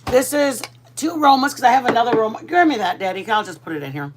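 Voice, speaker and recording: Cooking live for her stream, this woman from Texas talks fast in a sing-song, rather high voice. She laughs a lot and mixes Spanish into her casual vlogger chat, with background noise behind her.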